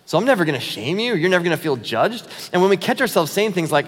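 A man's voice: sits high, big pitch swings, fast talker, few pauses, husky, long reverb tail. A man preaching a sermon as pastor, in a conversational style with joking, self-mocking asides.

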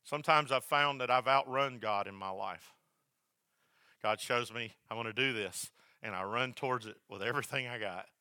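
A male pastor preaching a sermon, swinging from loud, repeated emphasis down to a soft hush. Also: mid-range voice, moderate pace, smooth, no room sound. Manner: builds to loud emphatic repetition, then drops to a soft hush.

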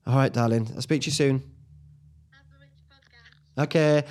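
Chatty, swearing podcast host. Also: male voice, medium pitch, steady tone, measured pace, pauses often, darkish tone. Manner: chatty, swears casually, laughs at himself. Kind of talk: casual solo podcast chat. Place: small home studio.

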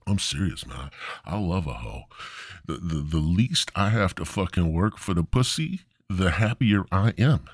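A man's voice: low-pitched, lively intonation, unhurried, slightly rough, no room sound, studio quality. A man hosting a podcast, ranting crudely and rambling in a stand-up style. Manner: profane, rambling, swooping delivery. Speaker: podcast host.

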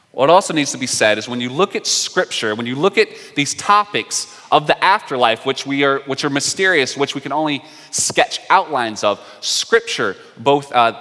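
A man preaching a sermon in a bright, clear voice, explaining things in an easy, conversational way with the odd aside. His voice rings out with a long hall reverb around it. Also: medium pitch. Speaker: pastor.

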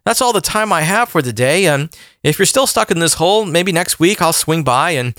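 A man's voice: fairly high pitch, expressive, normal speed, a bit bright, no room sound, studio quality, pitched above the performer's own voice. A man voicing a detached counselor who speaks in a breezy, slightly raised voice. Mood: dismissive. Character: busy, detached male counselor.

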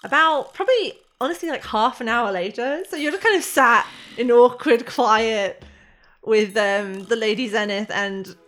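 A woman's voice: fairly high pitch, normal speed, a bit bright. A woman narrating a tabletop game as game master in a chatty, loose way full of fillers.

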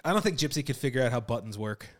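A man's voice: mid-range voice, expressive, racing. Man rambling with lots of fillers. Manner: rambling, filler-heavy storytelling. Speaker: podcast co-host. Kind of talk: casual chat.

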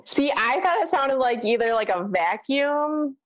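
Woman, podcast co-host, casual chat, lively pitch movement, chatty, lots of fillers. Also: measured pace. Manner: animated, chatty, frequent fillers.

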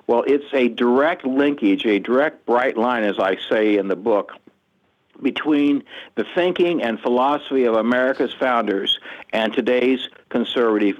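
An older man answering interview questions in an earnest, measured and reflective way. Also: medium pitch. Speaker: guest author. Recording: muffled lo-fi audio.

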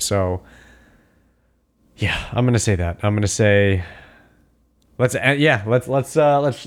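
A man co-hosting a casual film review chat, animated and quick to agree, with casual swearing. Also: on the low side. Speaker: podcast co-host.

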